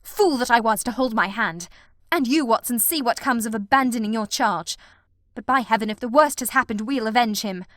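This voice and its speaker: A woman's voice: fairly high pitch, expressive, normal speed, no room sound, clean studio sound, close to an everyday voice. A woman reading the lines of a commanding male detective in an audiobook, clipped and sure. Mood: grim. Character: sharp brilliant male detective, urgent.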